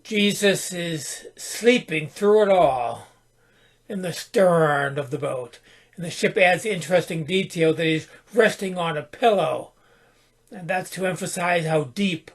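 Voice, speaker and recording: Slow, high-voiced man giving a calm sermon. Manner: calm, unhurried, contemplative, with small restarts. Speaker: podcast host and spiritual teacher. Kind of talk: reflective spoken sermon.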